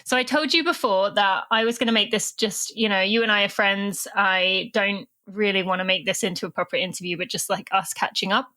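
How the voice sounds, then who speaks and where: A woman's voice: medium pitch, brisk, hardly any pauses, bright, forceful tone. A British woman in her thirties hosting a podcast, chatty and self-deprecating, with nervous laughs. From Britain. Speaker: podcast host. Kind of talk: casual interview chat.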